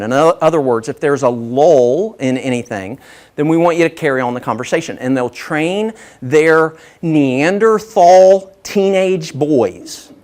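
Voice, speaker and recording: A man's voice: fairly high pitch, measured pace. A man giving a humorous business talk as guest speaker, telling self-deprecating stories. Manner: lively self-deprecating storyteller.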